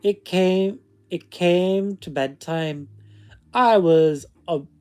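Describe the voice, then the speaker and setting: A slow, mellow storyteller in a put-on Scottish lilt reads a creepy first-person tale aloud, as a man puts the accent on. He reads haltingly and restarts lines as he goes. His voice is warm rather than bright. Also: sits high, clean tone, voice pushed up. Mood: solemn.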